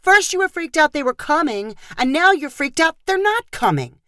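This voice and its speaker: A woman voicing a young female skier who snaps, yells and demands. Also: sits high, very animated, moderate pace, no echo, clean studio sound, voice pushed up. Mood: annoyed. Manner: snappy, yelling, demanding.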